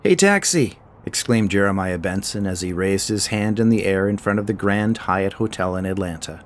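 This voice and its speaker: A man narrating a short fiction story in a measured, scripted storytelling style. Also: low-pitched, level tone, slight background noise.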